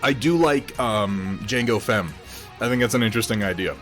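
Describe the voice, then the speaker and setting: A man's voice: on the low side, normal speed, fairly bright tone, faint music behind. A man hosting a casual livestream while painting miniatures, rambling, laughing often and swearing freely.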